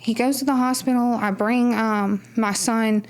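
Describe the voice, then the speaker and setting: Higher-voiced woman telling her story. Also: fairly even intonation, unhurried, a little mellow. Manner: rambling storytelling with frequent "like" and "right?". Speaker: podcast guest. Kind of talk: personal testimony in casual conversation.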